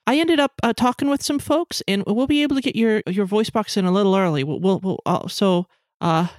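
A woman playing an excitable, worn-out singer. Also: mid-range voice, brisk, no room sound, clean studio sound, close to an everyday voice. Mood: bossy.

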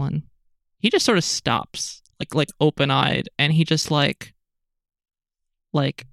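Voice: mid-range voice, takes it slowly, creaky, pauses often, a bit bright, dry recording, studio quality. Rambling tabletop game master. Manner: rambling narration full of "like" and repeated words.

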